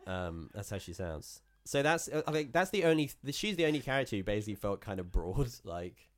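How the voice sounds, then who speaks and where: A man co-hosting a podcast, chatting casually in a rambling, animated way full of fillers. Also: fairly low pitch, a little fast. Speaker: podcast co-host. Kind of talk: casual chat.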